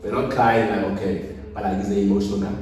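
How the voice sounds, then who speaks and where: Man, low mellow voice, animated storyteller, roomy echo, off-mic. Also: quick pace, distant mic, slight background noise. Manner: animated storyteller, swings from quiet to loud. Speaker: podcast guest. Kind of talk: casual podcast chat. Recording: echoey room, speaker off-mic.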